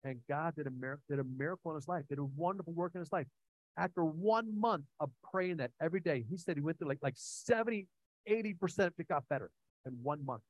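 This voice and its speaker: A man's voice: on the high side, quick pace, highs cut off. A man preaching a sermon, earnest and conversational, telling personal stories with frequent restarts and fillers. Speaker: pastor.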